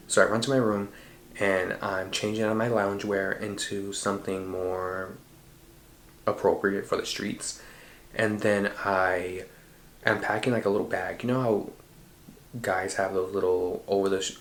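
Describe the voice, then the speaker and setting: A man hosting a podcast, recounting a dream in an animated, slangy and profane way. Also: lowish voice. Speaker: podcast host. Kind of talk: casual storytelling. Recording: roomy echo.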